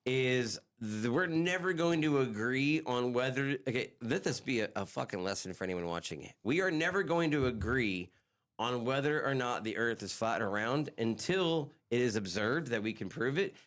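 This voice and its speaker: A man hosting a casual live-stream chat, stammering with many restarts as he reads haltingly from a screen. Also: medium pitch, animated, fairly bright tone. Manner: stammering, full of restarts and fillers. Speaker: podcast host.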